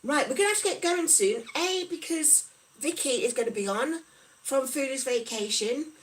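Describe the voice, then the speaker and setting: A woman's voice: sits high, animated, normal speed, a little hiss or hum, rough recording. A middle-aged woman from the UK, chatting casually on a livestream and reading out viewers' comments. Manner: chatty, reads out viewer comments and replies warmly. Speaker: livestream host.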